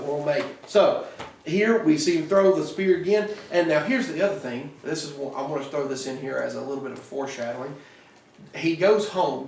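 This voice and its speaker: A pastor with a Southern American accent preaching a conversational evening sermon, retelling scripture stories with little voices and many restarts. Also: male voice, mid-range voice, a little hiss or hum. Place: church sanctuary. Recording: echoey church from far off.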